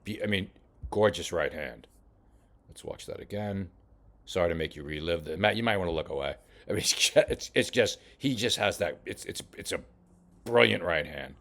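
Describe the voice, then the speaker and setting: A man coaching a boxer while reviewing fight footage, talking casually with many halting restarts. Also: deep voice, lively intonation, vocal fry, a bit bright. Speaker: boxing coach. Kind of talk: film study commentary.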